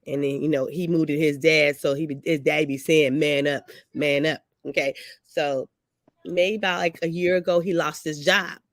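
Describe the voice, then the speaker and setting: A woman on a discussion panel, telling a story about her son in a casual, lively way. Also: deep voice, normal speed, no echo. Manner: storytelling, animated when quoting herself. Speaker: panel guest, mother.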